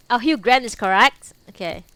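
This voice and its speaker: A woman's voice: a little high, fairly bright tone, no echo. A young woman streaming live, chatting and giggling with her viewers between book readings, still teary after crying. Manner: giggly, chatty, talks back to chat. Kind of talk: casual chat between readings.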